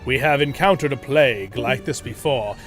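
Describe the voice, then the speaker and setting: A man's voice: medium pitch, moderate pace, music in the background, natural voice. A man reading as a solemn quest-giving healer.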